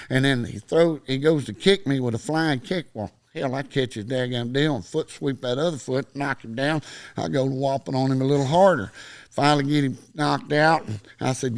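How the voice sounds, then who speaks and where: Animated Texan man telling stories. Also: medium pitch, normal speed, dry recording. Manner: animated, acts out every quoted line in the story. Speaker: podcast guest. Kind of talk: storytelling in casual podcast chat.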